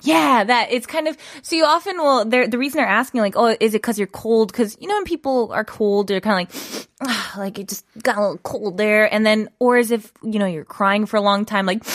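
A woman hosting a casual language lesson, bubbly and quick to laugh while explaining words. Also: medium pitch, no echo, clean studio sound. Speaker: language teacher co-host.

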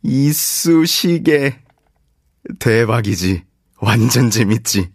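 A man's voice: medium pitch, lively intonation, racing, no echo, clean studio sound. A young man playing an eager, pushy guy who is pleased with himself for telling corny puns in a scripted lesson dialogue. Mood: playful boasting.

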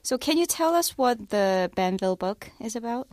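A woman's voice: fairly high pitch, lively intonation, moderate pace, a little mellow, no room sound. A woman hosting a radio interview, asking curious, brief questions and affirming answers. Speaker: host.

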